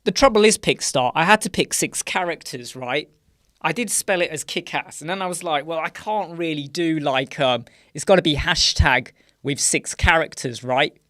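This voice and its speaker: A man's voice: a little high, normal speed, fairly bright tone, no room sound, clean studio sound. A British man hosting a casual live chat stream, rambling through filler words and often ending points with "right?". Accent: British English. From United Kingdom. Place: small dark room with sound panels.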